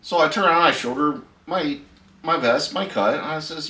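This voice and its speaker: A man's voice: fairly high pitch, moderate pace, pushed and bright, distant mic. A middle-aged man, hosting a casual storytelling vlog in a laid-back, chatty way and laughing at his own story. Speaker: host. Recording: echoey room, voice a bit off-mic.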